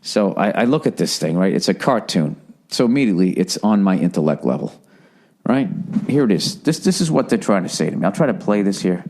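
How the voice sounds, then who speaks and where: A man's voice: very animated, fairly quick. Profane ranting man with a Boston accent. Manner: profane, ranting, swings between loud gripes and low mutters. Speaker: podcast host. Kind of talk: casual comedic podcast rant.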